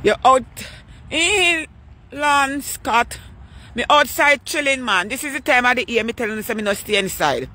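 An older woman, chatting casually on a live stream while walking outdoors at night, greeting her viewers by name in a relaxed way. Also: high-pitched, normal speed. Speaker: vlogger hosting a live stream.

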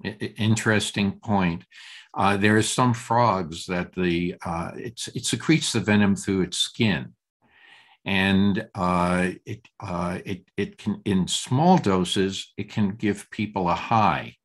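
An older man leading a group text study, talking haltingly with many fillers and restarts. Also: low-pitched.

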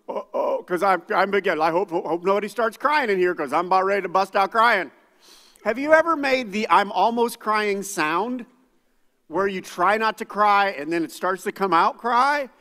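A man's voice: high-pitched, sharp tone, long reverb tail. A man preaching a sermon as pastor, conversational and self-deprecating, with casual asides to the congregation. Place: church sanctuary.

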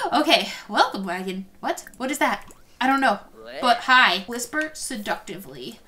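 Young woman gaming commentary, high bright voice, super excitable, lots of gasps and giggles. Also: measured pace. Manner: excitable, frequent gasps and laughs. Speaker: gaming video host. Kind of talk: casual let's-play commentary.

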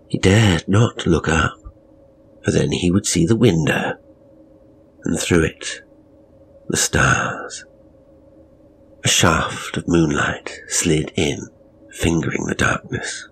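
A man narrating a horror story in a measured, dramatic, brooding way. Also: low voice, gravelly, slight background noise.

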